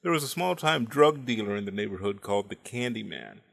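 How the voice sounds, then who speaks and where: A man's voice: fairly low pitch, lively intonation, fairly quick, gravelly, fairly bright tone. A man in his forties telling comic family stories in a dry, wry way, timing his punchlines. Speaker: storyteller. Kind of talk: comedic storytelling monologue.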